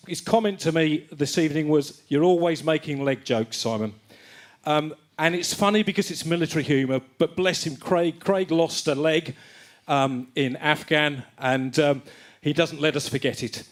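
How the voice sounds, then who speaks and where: A man's voice: fairly high pitch, moderate pace. A man hosting a live-streamed church music evening, talking in a loose, jokey way with plenty of fillers. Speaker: band member and host of the live stream. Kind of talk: casual live-stream chat.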